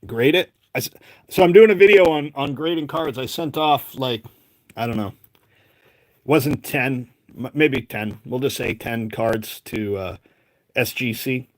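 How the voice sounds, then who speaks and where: A man's voice: mid-range voice, measured pace, no echo. A man with a Boston accent hosting a casual live stream, chatting and rambling as he calls out names one after another. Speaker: live-stream host opening card packs.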